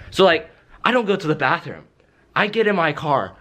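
A young man with a voice pitched a little high for a man rants to the camera in a comic vlog. He rambles in an excitable way, keeps stringing thoughts together with filler words and keeps checking whether the listener is following. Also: moderate pace. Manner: rambling, excitable, fills with "like" and "right?". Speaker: vlogger. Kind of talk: comedic rant to camera.

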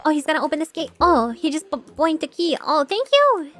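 A woman streaming a video game in casual chat, excitable and giggly, talking freely with her viewers. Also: high-pitched, quick pace, faint music behind.

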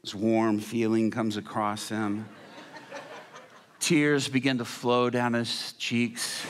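A middle-aged male pastor telling a story from the pulpit in an animated way, acting out the people in it. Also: on the low side, a little slow. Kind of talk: sermon storytelling. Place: large church hall. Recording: church hall reverb.

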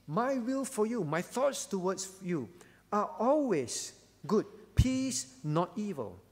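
A man's voice: sits high, in a large hall. A male pastor preaching a sermon, earnest and emphatic, repeating key phrases for weight. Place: church hall.

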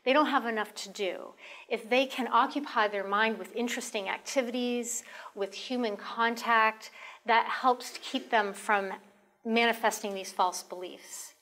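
A middle-aged woman, a family therapist, giving a calm, instructive health education talk, dropping into a soft, gentle tone when modeling reassuring words. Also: fairly high pitch, unhurried. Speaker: marriage and family therapist presenting a caregiver talk.

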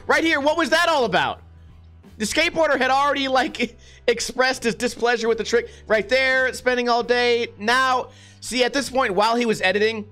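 A man with a fairly high voice talks through clips in casual commentary, blunt and sarcastic, now and then swearing. Soft music plays faintly behind him. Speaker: skate video reviewer host.

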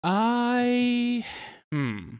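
A player in a tabletop game who muses aloud in a theatrical, drawn-out way before acting. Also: mid-range voice, very animated, smooth, dry recording, studio quality. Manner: theatrical, musing.

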